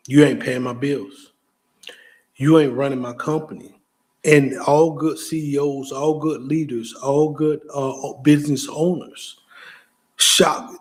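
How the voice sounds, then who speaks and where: A man hosting a motivational talk show, speaking casually and directly to the listener, stammering and repeating himself as he gets excited. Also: a little high. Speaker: host.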